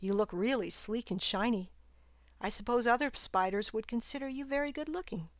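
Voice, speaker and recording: A curious, slightly sassy little girl from a storybook, full of questions, voiced by a woman reading aloud. The sound is dry and close to the mic, at a middle pitch that lifts a little for the child. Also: moderate pace, no room sound, natural voice. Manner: questioning, stammering when upset. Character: curious, sassy young girl grieving her dog.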